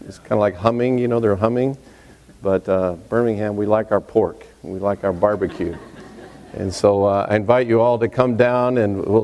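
A man from Texas introducing himself to a congregation as a visiting preacher, relaxed and chatty with many fillers and asides. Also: fairly low pitch. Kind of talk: sermon introduction, casual and folksy. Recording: reverberant hall.

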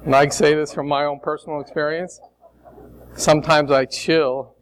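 A man's voice: a little high, level tone, moderate pace, smooth, low-quality recording. A male preacher from Chicago giving a sermon, leading the congregation in call-and-response with a coaxing, emphatic, joking manner. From Chicago, United States.

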